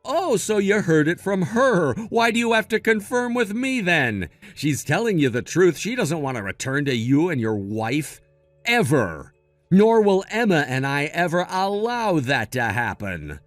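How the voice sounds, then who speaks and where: A man's voice: a little high, sing-song, a little slow, no echo, faint music behind. A man narrating a text-message story in a blunt, scolding tone. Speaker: narrator voicing text chat.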